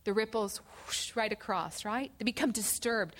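Expressive woman teaching a Bible study. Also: medium pitch. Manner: expressive, slows down on scripture quotes.

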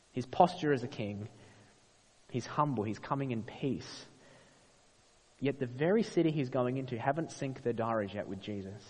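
Casting note: male preacher, expressive, rhetorical questions, long church-hall reverb. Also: mid-range voice. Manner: expressive, rhetorical questions, acts out quoted voices. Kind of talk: sermon.

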